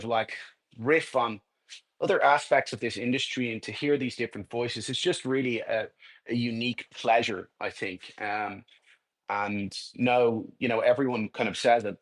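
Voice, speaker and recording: A man on a podcast, a game builder, speaking hesitantly with many fillers. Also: medium pitch. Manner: hesitant, warm, full of fillers. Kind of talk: casual chat.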